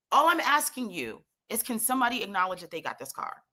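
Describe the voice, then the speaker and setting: A woman telling a comic story in an animated, exasperated way, swearing freely. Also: fairly high pitch, fast talker, few pauses.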